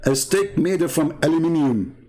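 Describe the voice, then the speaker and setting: A man's voice: a little high, normal speed, dark tone. A man with an Arabic accent, a native Arabic speaker, giving a sarcastic, exasperated casual commentary and telling mocking anecdotes. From Middle East. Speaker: online debater and channel host.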